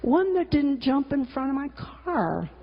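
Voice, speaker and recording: With a high-pitched, sing-song voice and a measured pace, a middle-aged woman, a cartoonist and teacher, gives a candid storytelling talk with slides. She's frank, swears freely, and throws in exasperated asides; the audio is lo-fi with long hall reverb.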